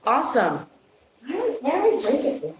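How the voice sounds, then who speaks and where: A woman teacher leading a classroom phonics demonstration with brisk quizzing questions and quick praise. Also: high voice, huge pitch swings. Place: meeting room. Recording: echoey room.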